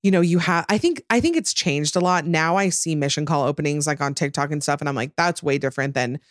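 A woman's voice: deep voice, expressive, quick pace, dry recording, clean studio sound. A young adult woman co-hosting a podcast, chatting casually and animatedly with many fillers. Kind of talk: casual chat.

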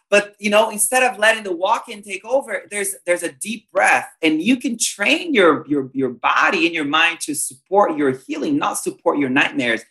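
Man, podcast guest, spiritual teacher, bright forceful tone, emphatic and earnest. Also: high voice. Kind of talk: podcast conversation.

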